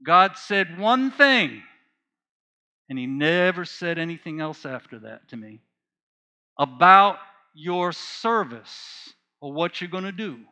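Guy preaching, slow n earnest, kinda bright high voice, gets choked up on a note. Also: sing-song. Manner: earnest, emotional testimony, repeats phrases for emphasis. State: choked up while reading. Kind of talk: sermon.

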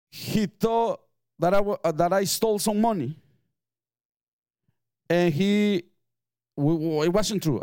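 This middle-aged Mexican pastor has a fairly high-pitched voice with a darkish tone, recorded with no echo. He preaches a sermon emphatically, weaving in personal stories and light chuckles.

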